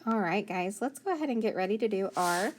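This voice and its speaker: A woman's voice: mid-range voice, lively intonation, brisk, slight background noise. A woman teacher giving a phonics lesson, sounding out letters one by one and praising each answer.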